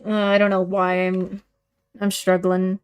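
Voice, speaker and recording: A woman streaming a game, reading its dialogue aloud haltingly and apologizing for her attempts at voices. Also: medium pitch, monotone, clean tone. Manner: apologetic, self-correcting, reads lines haltingly.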